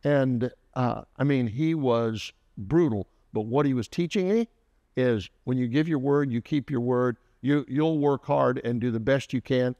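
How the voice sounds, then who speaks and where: A man co-hosting a podcast, telling a story from his childhood in a folksy way, often pausing with "uh" and starting over. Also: medium pitch, dark tone, dry recording, lo-fi sound. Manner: folksy, with frequent "uh" and restarts. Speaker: co-host. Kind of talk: casual storytelling.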